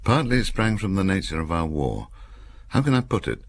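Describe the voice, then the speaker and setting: A man's voice: deep voice, big pitch swings, fairly quick, vocal fry, slight background noise. An older man from Cumbria, reading his own memoir as an audiobook with wry, dry-humoured storytelling.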